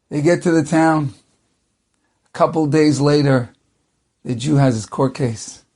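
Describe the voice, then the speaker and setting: A rabbi tells a story with dramatic pacing, slowing down and speeding up for effect. His voice sits high and has a gravelly grain. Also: a little mellow. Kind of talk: storytelling talk.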